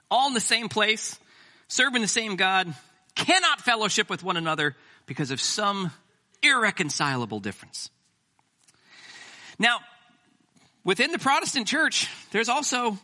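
Man, middle-aged pastor, sermon, high voice, joking asides. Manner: animated, joking asides to the congregation.

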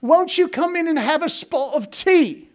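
A man's voice: very high voice, lively intonation, a little slow, voice pushed up. A man doing little girls' mock British tea voice. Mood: chirpy. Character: little girls playing posh British ladies.

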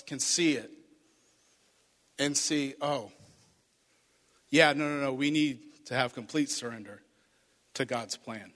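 A man's voice: on the high side, fairly bright tone. Man preaching a story sermon in a hall. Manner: storytelling, acting out voices of Bible figures. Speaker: pastor. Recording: reverberant hall.

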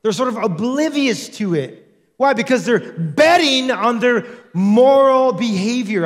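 High-voiced male pastor preaching. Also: unhurried. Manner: animated, acts out quoted voices in his preaching. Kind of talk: sermon.

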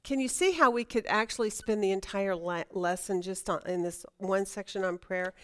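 A woman's voice: medium pitch, normal speed. A middle-aged woman leading a Bible study lesson, talking conversationally, asking the class questions and often restarting her sentences.

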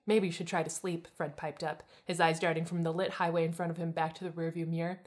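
A woman's voice: on the low side, flat delivery, fast talker, few pauses. A woman casually chatting and reading fan fiction aloud, breaking into laughs as she reads. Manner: laughs often while reading.

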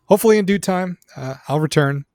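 A man's voice: high voice, fast, darkish tone, no echo, clean studio sound. A man co-hosting a podcast in casual chat, speaking hesitantly with many fillers. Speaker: podcast co-host.

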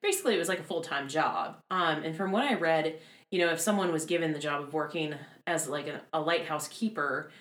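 Woman in her 30s, low-pitched podcast host, chatty storyteller, echoey room. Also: fairly quick, a bit bright. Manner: chatty, many fillers, laughs easily. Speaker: podcast host telling a haunted history. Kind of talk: casual chat storytelling.

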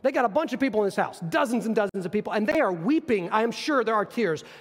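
A man preaching a sermon, teaching from scripture in an animated storytelling manner. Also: high-pitched, fast, in a large hall. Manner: animated, storytelling, acts out scenes.

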